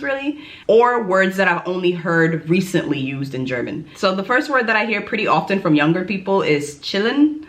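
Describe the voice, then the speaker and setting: A woman's voice: lowish voice, a bit bright. A young woman from New York talking casually to her viewers in a chatty, self-deprecating vlog. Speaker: YouTuber teaching German.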